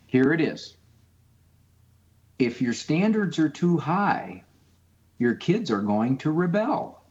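A man's voice: a little high, slow, lo-fi sound. A man speaking as a guest psychologist on a call-in radio show, emphatic, acting out quotes. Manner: animated, emphatic, acts out quotes.

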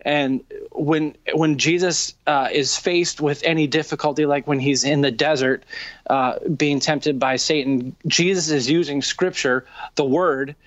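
Higher-voiced man, halting earnest questions. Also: steady tone, dry recording. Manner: halting, many fillers and restarts, earnest questioning. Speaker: debater. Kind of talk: theological debate. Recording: dull, dry lo-fi sound.

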